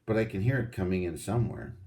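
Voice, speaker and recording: A man voicing a quiet young girl in a storybook reading; she speaks softly and plainly. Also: sits low, lively intonation, fast talker, recorded from a distance.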